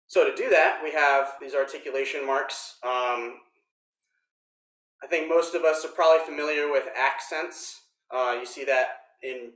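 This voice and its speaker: A man teaching snare drum technique in a workshop, explaining step by step in a relaxed way with frequent ums. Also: mid-range voice, far from the mic. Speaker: drum instructor. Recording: roomy echo.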